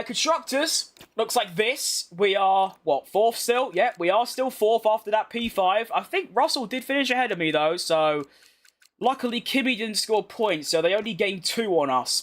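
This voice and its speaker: A young British gaming YouTuber with a high, expressive, somewhat bright voice talks at normal speed over racing game footage. He reads chat and bluntly answers viewer comments with slangy banter.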